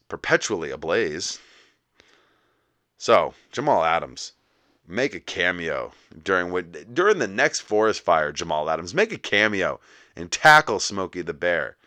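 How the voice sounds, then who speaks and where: A man's voice: sits low, sharp tone, no echo. A young man hosting a podcast, ranting in mock outrage about small annoyances. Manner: exasperated, mock-indignant ranting. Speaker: podcast host. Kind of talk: comic solo rant.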